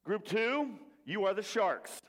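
A man gives a jokey, interactive sermon and gets the congregation to chant along. His voice sits a little high for a man. It rings out with the long reverb of a big hall. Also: animated, slow, a bit bright. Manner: jokey, leads the crowd in call-and-response. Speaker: preacher. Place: church hall with an audience.

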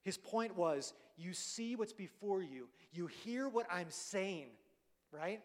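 A man delivers a sermon in a relaxed, conversational way, often tossing in "right?" to the congregation. His voice sits a little high for a man. The sound rings out with the long reverb of a big church hall. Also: takes it slowly. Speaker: preacher.

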